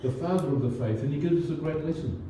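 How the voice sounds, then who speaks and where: Mellow-voiced pastor in an echoey hall. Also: male voice, on the high side, quick pace, slight background noise. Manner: conversational, many fillers and restarts. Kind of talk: sermon. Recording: distant, roomy, dull church recording.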